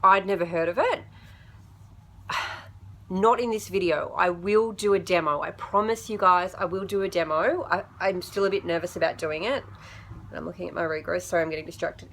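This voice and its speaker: A woman's voice: mid-range voice, a bit bright. A young woman, talking to her camera in a personal vlog, chatty and emotional and often jumping between thoughts. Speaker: vlogger.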